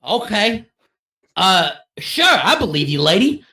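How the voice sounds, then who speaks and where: A woman's voice: on the low side, expressive, fairly quick, crowd noise, close to an everyday voice. Woman playing a blunt, laid-back orc woman. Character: casual friendly middle-aged orc woman. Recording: echoey, from a distance.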